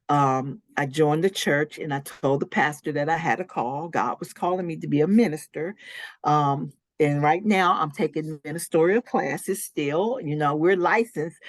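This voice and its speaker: A woman's voice: low-pitched, no echo, clean studio sound. A woman, a licensed minister, telling her personal testimony in an interview in an earnest way, acting out her own past words with sudden rises in voice.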